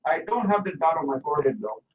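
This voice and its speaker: A man's voice: a little high, sing-song, quick pace, dull audio, voice pushed down. A man putting on a brash, scratchy-voiced fake Pakistani prankster. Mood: flirty. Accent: put-on Pakistani. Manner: rambling, teasing, broken English. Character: brash joking man claiming to be a singer from Pakistan. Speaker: radio prank caller.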